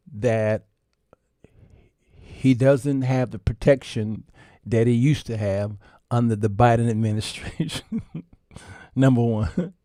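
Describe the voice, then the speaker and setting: A man's voice: medium pitch, mellow, dry recording, clean studio sound. A man hosting a casual livestream, talking folksy to his viewers and laughing often. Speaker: show host.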